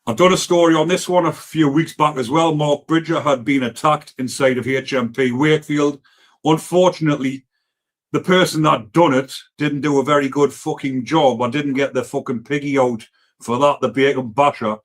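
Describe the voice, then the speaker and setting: This Geordie-accented man runs a relaxed live stream where he reads viewer comments, cursing frequently and rambling in blunt asides. His pitch is medium, his intonation fairly even, and he talks at a normal speed.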